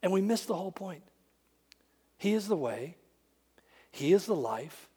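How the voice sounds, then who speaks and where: A man's voice: high voice, a little slow, husky. A man preaching a sermon as a pastor, telling stories with dry humor and acting out the voices of people he quotes. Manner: animated storyteller who acts out quoted voices with dry humor.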